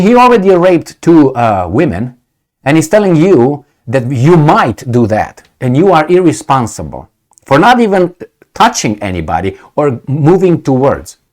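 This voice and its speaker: A man giving solo video commentary, sarcastic and mocking, firing off rhetorical questions. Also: mid-range voice. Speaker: political commentator.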